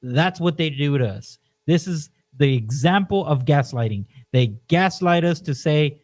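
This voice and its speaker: A man co-hosting a podcast, talking in an animated, emphatic way and leaning on "you know" as he tells stories. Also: a little high, normal speed. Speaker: podcast co-host. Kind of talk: casual podcast chat.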